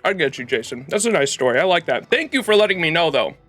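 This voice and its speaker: A man with a bright, clear tone talks loosely over a game stream and reads story text aloud, stumbling and restarting as he goes. Soft game music runs underneath. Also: a little high, sing-song, quick pace. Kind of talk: casual livestream commentary and lore reading.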